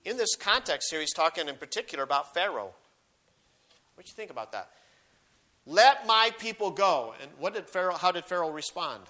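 A man's voice: on the high side, lively intonation, fast talker, sharp tone. A man preaching a sermon, reading scripture aloud with rising emphasis and explaining it, often restarting and repeating words.

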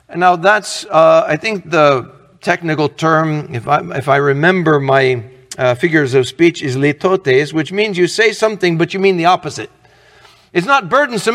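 A man's voice: on the high side, lively intonation, measured pace, a bit bright, big-room sound. A middle-aged man preaching a sermon as pastor, earnest and conversational, asking the congregation questions.

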